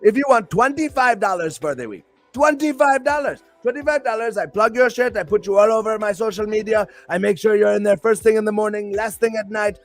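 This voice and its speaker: A man's voice: sits high, fairly quick, hardly any pauses, faint music behind. A male host and pro wrestler chatting on a live stream show in a hyped, rambling, playful way.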